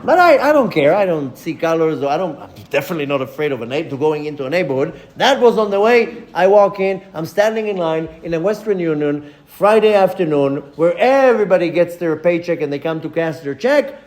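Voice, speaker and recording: A man, a rabbi, giving a lecture as a lively personal story, acting out the voices of the people in it. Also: fairly high pitch, brisk, hardly any pauses. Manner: animated storyteller acting out dialogue.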